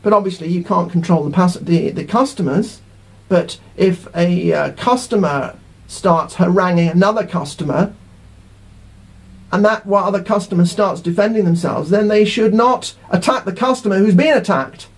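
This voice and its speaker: A man's voice: high voice, normal speed, slightly rough. A middle-aged man giving an indignant, rambling monologue to camera as a vlogger, repeating himself as he goes.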